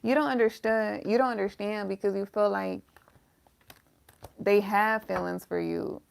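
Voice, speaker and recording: A woman's voice: mid-range voice, fairly even intonation, unhurried, creaky, slight background noise. A woman giving a casual, emotional tarot reading, talking straight to her viewers with some swearing. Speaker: tarot reader.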